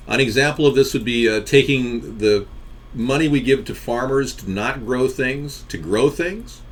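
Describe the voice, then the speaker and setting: Rambling, joking male stream host. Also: medium pitch. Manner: rambling, joking, reacting to chat. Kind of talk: casual live-stream chat.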